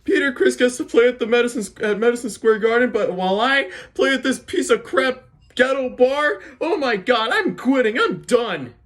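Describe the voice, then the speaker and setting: High whiny bar drummer guy moaning and griping, a man doing the voice, a bit off-mic. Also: lively intonation, moderate pace, fairly bright tone. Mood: whining. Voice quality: high, whining, exaggerated.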